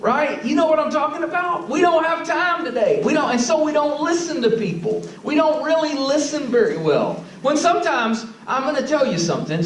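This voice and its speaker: Male preacher, very high voice, relaxed sermon, heard from a distance in a roomy church. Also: slight background noise. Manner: conversational, asks the audience questions. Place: church sanctuary.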